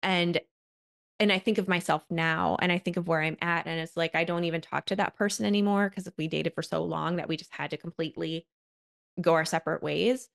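Heartfelt woman podcast host, lower voice. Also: steady tone, brisk, creaky, fairly bright tone. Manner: heartfelt, frequent "like" fillers. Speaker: podcast host and wellness coach. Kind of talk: casual podcast chat.

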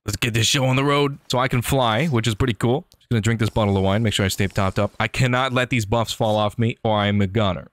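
A man giving excitable, joking commentary over his gameplay, often talking back to enemies on screen. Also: medium pitch, dry recording. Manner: excitable, jokey, talks to enemies. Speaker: gaming YouTuber. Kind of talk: game commentary.

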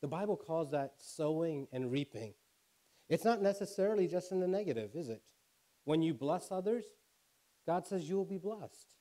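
A middle-aged male pastor delivers a sermon in a fairly high yet mellow, warm voice. He tells stories to make his points and climbs in pitch and force when he wants them to land. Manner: storytelling preacher, rising in pitch and force for emphasis.

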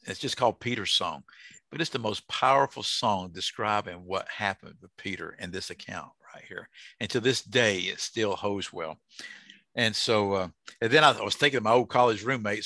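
A folksy older man with a drawl leads a Bible study, tossing questions to his group. His voice sits low and comes across bright and forceful, close and dry with no room echo. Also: moderate pace. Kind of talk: casual Bible study teaching.

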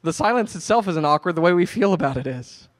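A man's voice: sits high, fast. A male pastor giving a sermon in a conversational, storytelling way. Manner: conversational storytelling, animated retelling.

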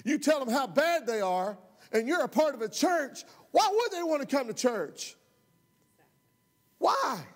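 A man's voice: very high voice, very animated, a little slow, long pauses. A man preaching a sermon as pastor, folksy and impassioned, rising to heated outbursts. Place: church sanctuary. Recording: long hall reverb.

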